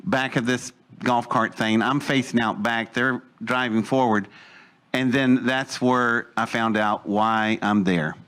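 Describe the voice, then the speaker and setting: A man in his sixties telling a first-person story in an animated way, laughing as he talks and jumping higher in pitch when excited. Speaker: eyewitness storyteller.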